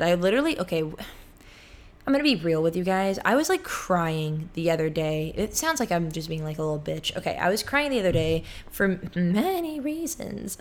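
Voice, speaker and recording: A young woman in her twenties hosting a casual solo podcast from her apartment, rambling and chatty, often cutting herself off. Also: lowish voice. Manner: rambling, chatty, self-interrupting with many likes. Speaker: podcast host. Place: apartment room.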